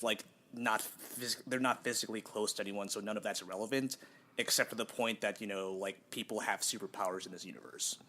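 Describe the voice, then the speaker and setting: This is a young man co-hosting a relaxed podcast conversation. His voice sits on the lower side. He rambles cheerfully, pokes fun at himself and laughs often. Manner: chatty and self-deprecating, quick to laugh. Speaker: podcast co-host. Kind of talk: casual chat.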